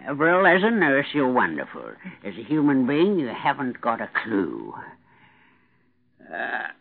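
A man's voice: mid-range voice, huge pitch swings, unhurried, gravelly, breathy edge, heavily acted. An actor playing a cantankerous, willful rich man of ninety-three who grumbles with childlike defiance, in a radio drama. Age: older. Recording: phone-like lo-fi radio recording.

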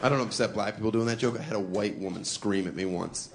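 A man's voice: lowish voice, fast, some chatter behind. Cheeky male stand-up comic, noisy club. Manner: cheeky, deadpan asides, laughing at own jokes. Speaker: stand-up comedian. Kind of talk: live stand-up routine. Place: comedy club stage.

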